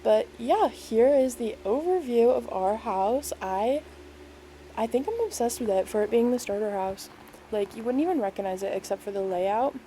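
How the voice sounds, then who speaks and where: Mellow-voiced woman rambling casually. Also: fairly high pitch, animated, moderate pace, a little hiss or hum, rough recording. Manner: rambling, filler-heavy, lots of "like" and "um"; self-deprecating, easygoing. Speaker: game build creator. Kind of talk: casual voice-over walkthrough.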